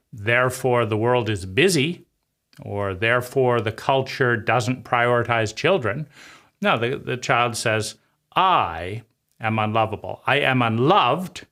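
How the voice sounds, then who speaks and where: Male host, bright mid-pitched voice, reflective monologue, repetitive and emphatic, prone to halting restarts. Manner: repetitive, emphatic phrasing, speaking as a child's inner voice. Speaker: channel host. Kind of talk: reflective personal-growth monologue.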